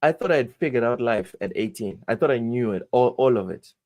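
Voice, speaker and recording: A man's voice: medium pitch, expressive, fairly quick, a little mellow. A man co-hosting a casual gaming chat, blunt and repeating his phrases as he goes. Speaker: podcast co-host.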